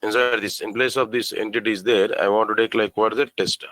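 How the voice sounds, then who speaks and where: A man teaching a programming class, spelling out code slowly and asking the students questions again and again. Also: lowish voice, fairly even intonation, a bit bright, no room sound, low-quality recording. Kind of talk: live coding lesson.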